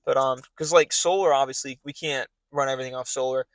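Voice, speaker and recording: A man's voice: medium pitch, fairly even intonation, quick pace, dry recording. A young man, hosting a podcast in loose, rambling casual chat full of fillers and restarts. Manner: rambling, filler-heavy talk with many restarts. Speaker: podcast host.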